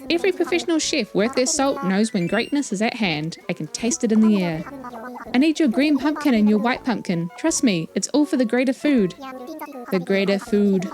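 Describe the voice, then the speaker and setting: A woman's voice: fairly high pitch, expressive, moderate pace, darkish tone, natural voice. A woman with a New Zealand accent voicing a proud, showy male turkey chef by reading the game dialogue aloud. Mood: boastful.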